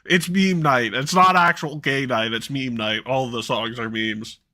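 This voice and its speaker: A man's voice: medium pitch, measured pace, bright, forceful tone. A man running a tabletop game as game master, joking around and laughing at his own bits. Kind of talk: casual tabletop game narration.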